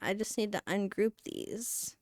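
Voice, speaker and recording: A woman's voice: mid-range voice, sing-song, unhurried, dry recording, studio quality. A woman streaming while she works, chatting and rambling casually and sounding a little out of breath. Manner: chatty, rambling, self-narrating. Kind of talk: casual live-stream chat while working.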